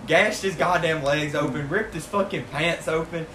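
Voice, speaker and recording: Man, Southern US accent, loud cursing storyteller, bit higher pitch, roomy hissy recording. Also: moderate pace. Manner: loud, laughing, heavy cursing. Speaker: podcast co-host. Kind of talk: casual storytelling. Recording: echoey room with audible hiss.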